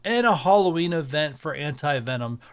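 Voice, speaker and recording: A man's voice: a little high, lively intonation, normal speed, smooth. A man talking casually to his viewers as a mobile game video creator, chatty and speculative, walking through game updates over screen capture.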